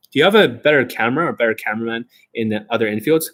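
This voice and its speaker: A man's voice: mid-range voice, very fast, hardly any pauses, a bit bright. A man hosting an unscripted coaching Q&A, talking in a blunt, aggressive and profane way. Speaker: dating coach host.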